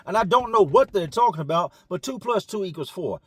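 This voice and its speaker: A man's voice: high-pitched, expressive, a little fast, a bit bright, husky. A man telling a true story in a casual, slangy, conversational way, acting out what people said. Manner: slangy, conversational, acts out quotes.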